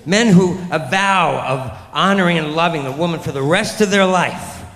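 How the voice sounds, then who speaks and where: A middle-aged man works a comedy club stage, rambling and self-deprecating as he lurches into loud put-on voices. His voice sits a little high for a man. The handheld mic picks up a roomy club with a long reverb tail. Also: moderate pace. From New York. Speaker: stand-up comedian. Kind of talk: stand-up comedy set.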